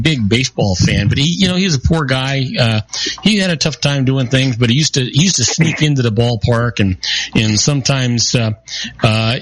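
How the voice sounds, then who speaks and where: Husky man telling corny jokes. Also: medium pitch, a bit bright. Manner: jokey, telling groan-worthy pun stories. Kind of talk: casual radio chat, joke telling.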